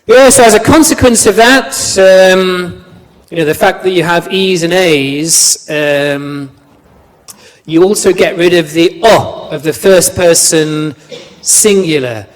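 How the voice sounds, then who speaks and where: Here a language lecturer with a high-sitting male voice teaches at a slow pace. He keeps it chatty, repeating words and turning questions to the students, while the lecture room lends the recording a long reverb.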